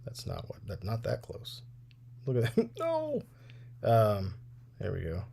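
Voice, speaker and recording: This man in his thirties talks slowly as he repairs action figures on his livestream, rambling casually and laughing often. His low, warm voice swoops wildly in pitch and has vocal fry and a breathy edge.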